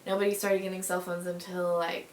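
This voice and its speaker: A woman's voice: fairly low pitch, fairly quick, a little hiss or hum. Young woman rambling through childhood stories for her channel, lots of "like" and "um", roomy echo. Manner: chatty and animated, many fillers, bursts of laughter. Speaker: vlogger. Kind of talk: casual storytelling to camera. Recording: echoey room.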